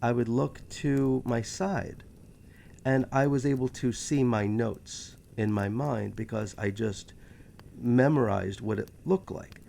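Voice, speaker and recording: A man with a New York accent talks straight to his viewers in a loose, rambling monologue. His voice has a gravelly grain, and he keeps tossing in joking asides as he goes. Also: medium pitch, takes it slowly, dark tone, slight background noise. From New York City. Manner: chatty, joking, self-aware asides. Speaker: history channel host.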